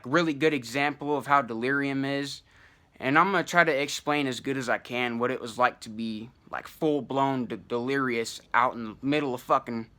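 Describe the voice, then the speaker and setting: Brash young man, bright slangy storytelling. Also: mid-range voice. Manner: profane slang-heavy, animated, many fillers. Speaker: channel host telling a personal story. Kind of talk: casual storytelling to camera.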